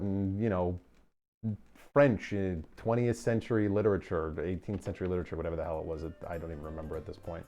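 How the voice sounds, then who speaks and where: A man's voice: sits low, quick pace, dark tone, soft background music. A man streaming a game speedrun, chatting casually and telling rambling, self-deprecating stories full of fillers. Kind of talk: casual chat during a livestream.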